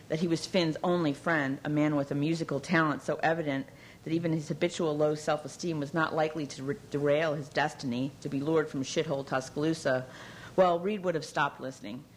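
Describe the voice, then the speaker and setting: Low-voiced woman reading a novel. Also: steady tone, a little fast, a little hiss or hum, low-quality recording. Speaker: audiobook narrator. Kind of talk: scripted narration.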